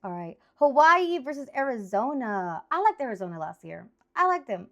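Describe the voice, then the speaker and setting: Chatty, animated woman in her thirties. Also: fairly high pitch, moderate pace. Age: 30s. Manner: animated, rambling, exclamatory. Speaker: sports picks host. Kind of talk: casual chatty sports picks.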